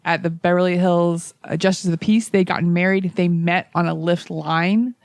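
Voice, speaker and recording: A young adult woman, a comedian guest, telling profane, animated stories in casual chat. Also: on the low side, moderate pace, no echo. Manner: profane, animated anecdotes with acted-out quotes. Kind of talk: casual chat, comic storytelling.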